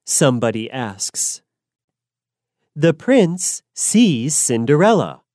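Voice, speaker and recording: Slow low-voiced woman storyteller. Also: very animated, warm tone, no room sound, studio quality. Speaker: narrator. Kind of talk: slow, clear storybook narration for learners.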